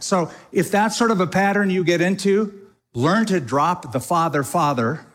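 A middle-aged man preaching a sermon to a congregation in a casual, animated way, now and then acting out other people's prayers. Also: on the high side. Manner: animated, conversational preaching with mock quoted prayers. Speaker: pastor. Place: church sanctuary before a congregation.

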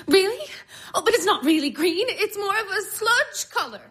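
A woman's voice: extremely high pitch, expressive, normal speed, a bit bright. An actress playing a flustered, self-conscious young woman who frets in a fluttery, anxious way. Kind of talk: stage drama acting.

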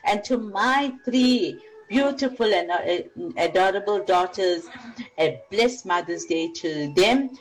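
A woman's voice: mid-range voice, animated, slow, low-quality recording. Older woman sending blessings. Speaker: caller leaving a voice note.

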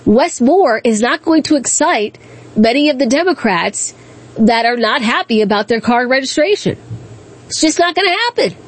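Woman radio host, slightly high voice, chatty, laughs between points. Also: animated, husky. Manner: chatty, laughs often, quick asides. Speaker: radio talk show host. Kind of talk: conservative call-in radio talk.

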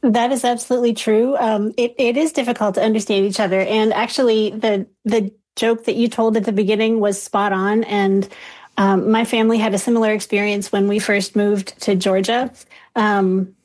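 A woman research professor, a guest on an interview, explaining in a clear, measured way. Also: medium pitch, flat delivery, darkish tone.

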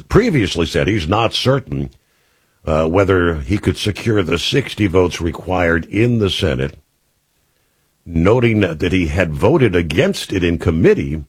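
A man's voice: sits low, sing-song, a little slow, breathy edge, no echo. A man hosting a talk radio show, reading news items and adding opinionated, conversational asides with frequent "uh" fillers.

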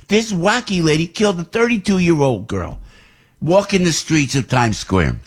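Husky older man ranting on talk radio. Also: on the high side, very animated, moderate pace. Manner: indignant ranting, repeats himself. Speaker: radio host. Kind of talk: opinionated talk radio monologue.

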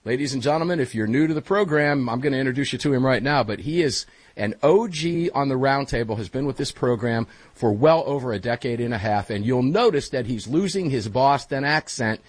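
Chummy talk radio host, husky voice. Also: male voice, mid-range voice, a little fast, no room sound, rough recording. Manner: energetic, chummy, addresses listeners directly. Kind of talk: casual talk radio banter. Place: home radio studio. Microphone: studio mic.

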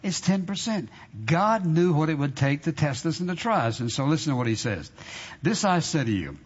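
A man's voice: on the high side, big pitch swings, brisk, breathy edge. Male pastor, emphatic conversational sermon, long hall reverb, slightly muffled sound. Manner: emphatic, conversational preaching with repetition and audience prompts. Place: church sanctuary. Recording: dull reverberant hall recording.

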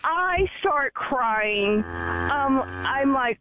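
Female caller, chatty and rambling, fairly high voice, dry, dull phone-line sound. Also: animated, slow, crowd noise. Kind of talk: casual call-in storytelling. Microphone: telephone.

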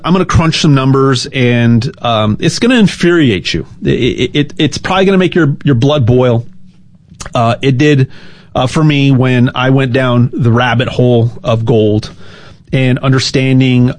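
A man hosting a show, talking in a casual, animated and rambling way that repeats and restarts words, with a sponsor pitch. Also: measured pace, dry recording. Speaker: show host.

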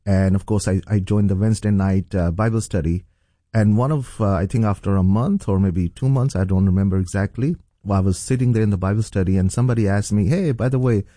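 A middle-aged pastor tells his testimony in an earnest, halting way, full of fillers and restarts. His voice sits low and mellow. The recording is dry, with no room echo. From Pakistan. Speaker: pastor and guest. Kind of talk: telling a personal testimony.

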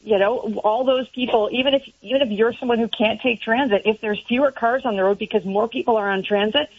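Female guest, steady thoughtful talk, breathy tone, lo-fi phone line. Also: fairly high pitch, brisk. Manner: thoughtful, steady, with many "you know" fillers. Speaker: transit advocate guest. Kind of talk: radio interview.

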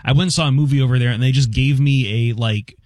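Man, radio co-host, rambling, very fast talker, dry studio sound. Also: medium pitch, a little mellow, no echo. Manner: rambling, quick. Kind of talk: casual radio banter. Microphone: studio mic.

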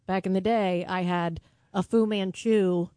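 A woman's voice: lowish voice, fairly even intonation, measured pace, warm tone, no echo, clean studio sound. A woman co-hosting a radio show, candidly telling stories about her own past. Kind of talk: casual radio chat.

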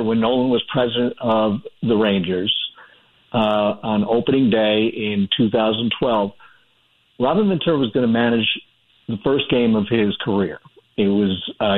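A man being interviewed as an author, telling stories in a chatty way with many fillers and restarts. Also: on the low side. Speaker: author guest. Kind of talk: phone-in radio interview. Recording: tinny phone line.

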